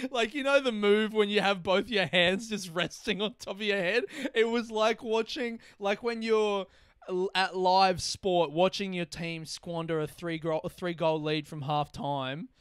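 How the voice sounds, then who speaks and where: A man's voice: high voice, unhurried, fairly bright tone, smooth, no room sound, studio quality. Rambling, swearing young man. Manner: rambling, self-deprecating, swears often. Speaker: podcast host. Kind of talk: casual solo podcast monologue.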